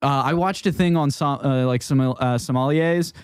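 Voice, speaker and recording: A man's voice: medium pitch, normal speed, clean tone, no echo, clean studio sound. A man hosting a podcast, chatting in an easygoing way and walking through things step by step. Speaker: podcast host. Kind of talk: casual podcast chat.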